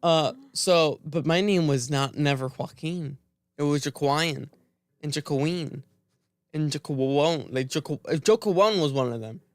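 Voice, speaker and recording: A man's voice: a little high, measured pace, no echo. A young man co-hosting a casual podcast, telling a rambling story and acting out the voices of the people in it. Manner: rambling storyteller who acts out quoted voices. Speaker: podcast co-host. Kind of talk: casual chat.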